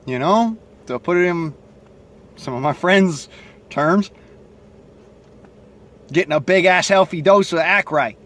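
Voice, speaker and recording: Talking into his cell phone, a Southern man with a stutter delivers a rambling, blunt, profane monologue to camera as a vlogger. His voice sits high and a bit bright, and he goes slowly with frequent pauses.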